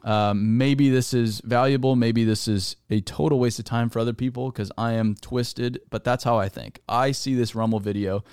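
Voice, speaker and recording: A man's voice: mid-range voice, fairly even intonation, normal speed, hardly any pauses, darkish tone, smooth, no echo, clean studio sound. A man hosting his own solo podcast, talking in a fired-up, emphatic way, swearing and repeating words for stress. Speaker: podcast host.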